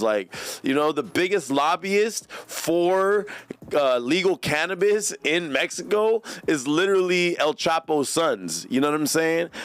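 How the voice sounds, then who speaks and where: A man's voice: fairly high pitch, dry recording. A man hosting a podcast, talking in a rambling, slangy, profane way. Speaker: podcast host. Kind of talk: casual podcast chat.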